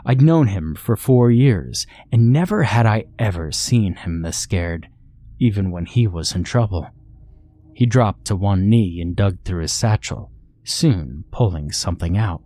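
A man narrates a first-person horror tale in a measured, steady voice. His pitch sits on the low side, and the recording is dry and close with no room sound. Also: dry recording. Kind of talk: scripted horror story narration.

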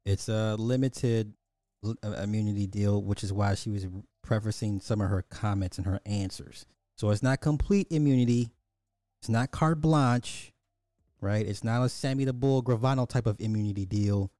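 A man co-hosting a casual talk show, explaining points in a measured, deliberate way. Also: fairly low pitch, warm tone, no room sound, studio quality. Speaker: podcast co-host.

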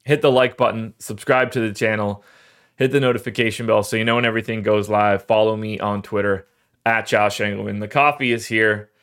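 A man's voice: on the low side, steady tone, brisk, a bit bright, clean tone. Rambling, choked-up male podcast host. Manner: rambling, self-deprecating, emotional about his team. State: voice cracking, choked up. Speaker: fantasy sports podcast host. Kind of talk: casual solo livestream talk.

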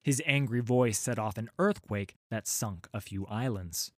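A man's voice: fairly low pitch, measured pace, no room sound, studio quality. A man narrating a children's storybook, with wry, playful asides to his listeners.

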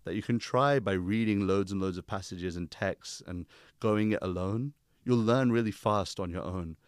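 A young man, a guest speaking calmly and teacherly about spiritual ideas. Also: sits low, normal speed, no room sound, clean studio sound. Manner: calm, teacherly, uses analogies. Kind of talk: reflective conversation.

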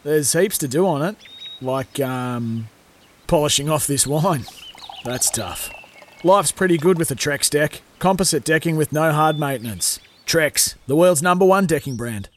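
A relaxed man voicing a casual ad with dry humour. His voice sits slightly high. A faint hiss runs behind him. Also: measured pace. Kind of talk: casual radio advert.

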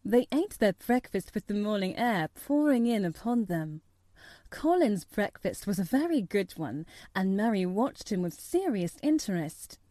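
Expressive woman reading a storybook. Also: medium pitch, a little slow, dry recording, clean studio sound. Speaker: narrator. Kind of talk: storybook narration.

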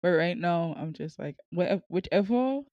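Guest: young Caribbean woman, strong Saint Martin accent, low voice, laughing storyteller. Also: expressive, normal speed, darkish tone, no echo, lo-fi sound. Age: young adult. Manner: laughs often, tells stories with quoted voices. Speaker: guest, student. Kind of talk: casual chat.

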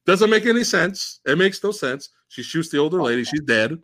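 A male podcast host with a fairly high voice that swoops up and down. He retells a film's plot in a casual, profane and mocking way, piling on sarcasm as he goes. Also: lively intonation, moderate pace, fairly bright tone. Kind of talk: casual podcast film discussion.

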